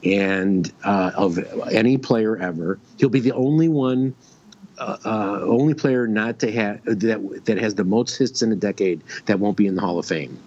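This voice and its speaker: A man with a low voice rambles through a story on a casual radio show. His sentences stop and restart around lots of fillers. The stream audio sounds dull and lo-fi. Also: moderate pace, darkish tone. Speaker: guest.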